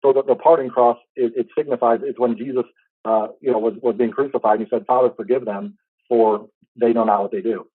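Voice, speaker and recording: A man in his thirties telling a heartfelt personal story in a casual, halting way, full of restarts. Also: medium pitch, steady tone, breathy edge, no echo, narrow, tinny audio. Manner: fast, halting, with many restarts and fillers; earnest, heartfelt. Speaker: podcast host.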